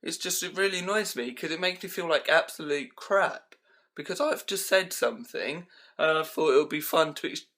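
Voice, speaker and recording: A man's voice: a little high, moderate pace, bright, forceful tone. A young man casually ranting through a list of pet peeves for his vlog, rambling with lots of "um" and "like", recorded on a handheld camera at home. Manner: rambling, full of fillers like "um" and "like". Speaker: vlogger.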